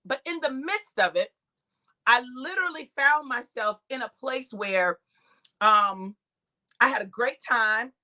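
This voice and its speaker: A high-voiced woman tells a story with animated energy, greeting her online viewers by name. Her tone is bright and sharp. She acts out the voices of people in the story and laughs often as she talks. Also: a little slow. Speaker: preacher and live-stream host. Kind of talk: lively storytelling to a live online audience.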